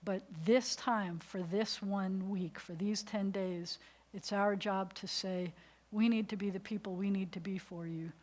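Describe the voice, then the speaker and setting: A woman's voice: mid-range voice, fairly even intonation, a little slow, a little mellow. A woman giving an informal sermon in a synagogue, conversational, with fillers. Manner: conversational, with fillers and dramatic gasps. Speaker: rabbi leading a service. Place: synagogue sanctuary.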